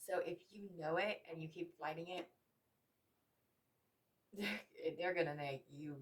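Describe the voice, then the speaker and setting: A woman's voice: deep voice, slow. A woman giving a tarot reading, emotional and repetitive, swearing casually as she talks. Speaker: tarot reader.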